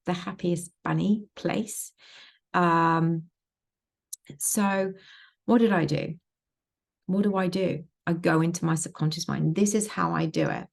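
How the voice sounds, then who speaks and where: Female manifestation coach, low gravelly voice, emphatic and repetitive, casual vlog delivery. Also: a little mellow. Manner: emphatic, repeats phrases, swears freely.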